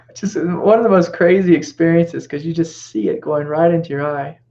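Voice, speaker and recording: A middle-aged man giving a spiritual teaching talk in a gentle, reflective way, sometimes dropping into soft reassuring whispers. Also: fairly high pitch, moderate pace, vocal fry, dull audio.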